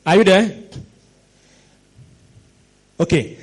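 Male preacher, high-pitched, animated, with exclamations and sudden shouts. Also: normal speed, long pauses, breathy edge. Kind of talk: sermon.

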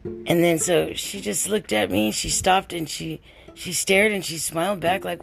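Gravelly older woman, rambling chat. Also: medium pitch, normal speed, soft background music. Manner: rambling, chatty storytelling. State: tired, worn out. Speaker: podcast host. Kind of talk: casual podcast monologue.

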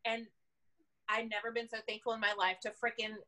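A woman police officer telling a story in casual chat, animated, laughing often and acting out what people said. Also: on the high side, brisk.

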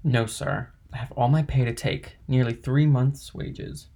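A man's voice: mid-range voice, steady tone, a little slow, warm tone. A man reading the part of an earnest, devoted young sailor who speaks respectfully to his employer in an audiobook.

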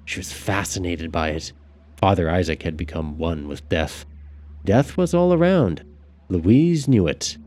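A man narrating a dark novel in a measured storytelling manner. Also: low voice, animated, faint music behind. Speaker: audiobook narrator. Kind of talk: scripted narration.

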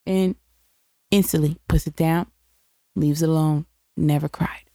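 Podcast mom, lively anecdotes, slightly low voice, dry close sound. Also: female voice, unhurried, creaky, dry recording. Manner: animated storyteller, competitive teasing. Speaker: podcast co-host, mother. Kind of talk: casual chat.

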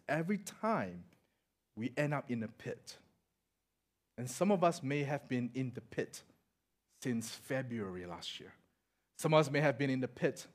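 A middle-aged Singaporean man preaching a sermon, telling stories and acting out the voices, swinging from loud to quiet. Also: mid-range voice. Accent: Singaporean English. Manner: animated, acts out voices in anecdotes, swings loud to soft. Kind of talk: sermon with storytelling.

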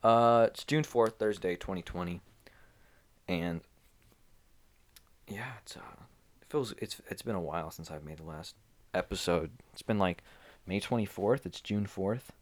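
A very low-voiced young man rambles through his own podcast, unscripted, drifting from topic to topic with plenty of fillers. He sounds groggy, like he just woke up, and is talking in a small room piled with blankets and pillows. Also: unhurried, pauses often. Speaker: podcast host. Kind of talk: casual rambling solo podcast.

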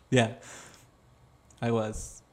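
A man's voice: mid-range voice, slight background noise. A man co-hosting a casual podcast over video chat, telling rambling stories and swearing freely. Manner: swears a lot, rambling storytelling. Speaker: podcast co-host. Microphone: video call.

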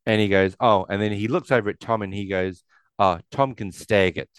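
A man with a fairly low voice chats casually through a movie recap, slipping into quick acted quotes of the characters. He is recorded close on a dry mic with no room sound. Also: clear, resonant tone, no echo. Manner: retells scenes, acting out quotes in a raised voice. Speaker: podcast co-host. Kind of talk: casual film recap chat.

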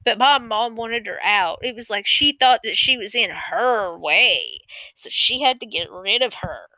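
A woman with a fairly high, bright, forceful voice tells a true story from her own life in a loose, conversational way. She rambles, doubles back to fix her own details, and swears without holding back. The sound is close and dry, with no room around it. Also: big pitch swings, unhurried, no room sound, rough recording. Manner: rambling, self-correcting, candid with swearing. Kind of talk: casual personal storytelling.

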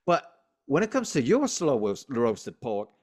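A man's voice: medium pitch, huge pitch swings, a little slow, darkish tone. A man putting on a gushing Southern-drawl woman. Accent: put-on Southern US. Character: Texan woman friend praising barbecue.

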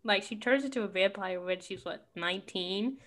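A young woman co-hosting a podcast, recapping a film in animated casual chat with lots of filler words. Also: medium pitch, moderate pace. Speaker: podcast co-host.

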